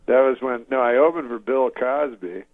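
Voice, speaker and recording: A man from Canada, telling a meandering anecdote as a comedian guest in a deadpan way, chuckling at his own story. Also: mid-range voice, normal speed, dry recording. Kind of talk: rambling anecdote in an interview. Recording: slightly muffled lo-fi audio, dry.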